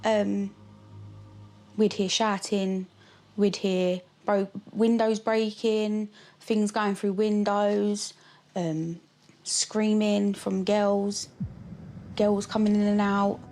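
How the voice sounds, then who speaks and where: A woman, a neighbour interviewed as a witness, hesitant with many pauses. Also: medium pitch, faint music behind. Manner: flat, hesitant, many ums. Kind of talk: documentary interview.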